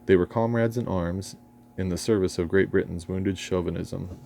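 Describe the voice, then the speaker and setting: A man's voice: low voice, steady tone, moderate pace, creaky, very noisy. An English man reading his own memoir aloud in a dry, ironic, erudite manner, sometimes stumbling over a word. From England. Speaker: memoir narrator.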